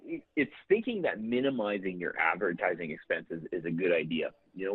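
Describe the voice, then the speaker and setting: A man calling in, explaining things steadily in a very deep, husky voice. He comes through a tinny phone line with a dry sound. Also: no room sound. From Canada. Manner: steady, explanatory, repeats words when starting.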